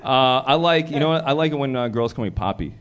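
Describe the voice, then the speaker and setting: A man's voice: medium pitch, lively intonation, fast, clear, resonant tone. A man hosting a bawdy comedy talk show, joking with guests and the audience and laughing often. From Russian family background. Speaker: show host.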